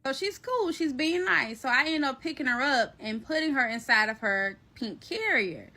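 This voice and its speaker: A woman with a slightly high, crisp and bright voice tells a personal story straight to camera. She is animated and slangy, calling her audience y'all and baby. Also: normal speed. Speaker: storyteller recounting a personal event. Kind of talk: casual storytime vlog.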